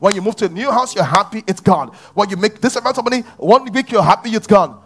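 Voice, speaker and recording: High-voiced preaching man. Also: animated, fast, a bit bright. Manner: preaching with rising intensity and repeated rhetorical questions. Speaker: pastor. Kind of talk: sermon. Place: church.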